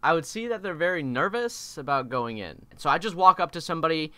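A young man narrating an animated storytime video in an exaggerated, swearing, animated way. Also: fairly high pitch, a little fast, no room sound. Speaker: YouTube storyteller.

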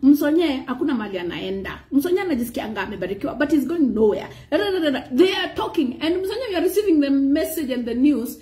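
Woman preacher; high, mellow voice; animated delivery with "praise God" asides. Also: quick pace, hardly any pauses. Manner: animated preaching, mixing in Swahili phrases and frequent "praise God". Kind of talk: sermon.

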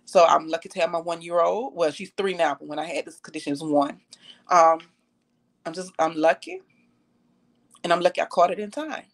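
A woman's voice: lowish voice, animated, brisk, pauses often. Earnest young woman giving testimony. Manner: earnest, heartfelt, repeats for emphasis. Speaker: cancer survivor sharing her story. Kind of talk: personal testimony on a live stream.

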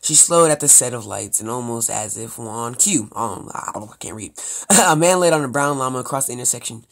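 A young man plays a story game and reads it aloud. He keeps breaking off into jokes and rambling asides, and his pitch jumps all over the place. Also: animated, brisk, creaky, fairly bright tone. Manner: joking, rambling asides, frequent laughs. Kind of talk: let's play commentary.

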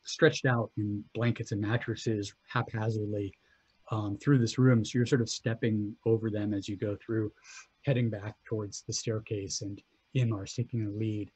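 A man narrating as game master of a tabletop game, halting and restarting as he describes scenes. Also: fairly low pitch, little pitch movement, darkish tone, breathy edge. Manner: halting, full of fillers and restarts.

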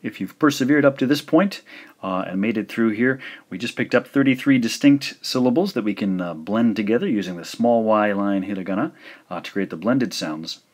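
A man narrating a recorded language lesson, speaking slowly and carefully and repeating each pronunciation. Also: lowish voice. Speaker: language teacher.

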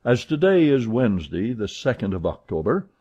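A man voicing a calm, precise English gentleman who speaks in a measured, composed way, with a husky voice on a dull recording. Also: mid-range voice.

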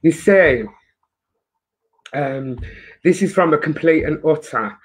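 A woman's voice: sits low, slow pace, breathy edge. Chatty English woman hosting a live stream. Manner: chatty, emotional, swears lightly. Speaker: host. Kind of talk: casual live-stream chat.

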